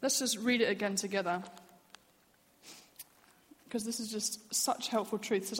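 A woman's voice: mid-range voice, fairly even intonation, moderate pace, long pauses. Woman preaching in an echoey hall. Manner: earnest, candid, personal storytelling. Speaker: church speaker. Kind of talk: sermon. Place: church.

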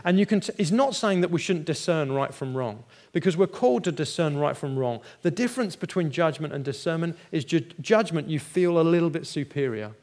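A man's voice: fairly high pitch, animated, a little fast, few pauses, a little mellow. Man preaching with playful storytelling. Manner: storytelling, acts out quoted dialogue, laughs at himself. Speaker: pastor. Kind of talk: sermon with personal stories.

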